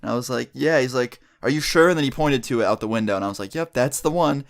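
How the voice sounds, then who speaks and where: Young male vlogger, quick casual storyteller, profane and rambling. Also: mid-range voice, vocal fry. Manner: swearing, rambling, filler-heavy.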